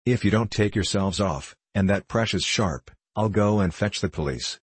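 A cross household cook from a storybook, sharp and threatening, as a man reading aloud voices her. Low, husky and dry. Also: normal speed, no room sound.

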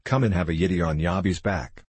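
A hot-tempered young boy from a storybook, blunt and sulky in his talk, as a man reading aloud puts him on. Low, husky and dry. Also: brisk, darkish tone, dry recording.

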